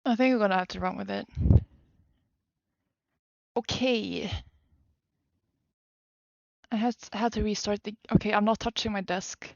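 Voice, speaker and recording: A young woman from Sweden with a Swedish accent, chatting casually to her live-stream viewers from her desk at home, self-deprecating and quick to exclaim. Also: mid-range voice, fairly even intonation, creaky, dry recording, dull audio.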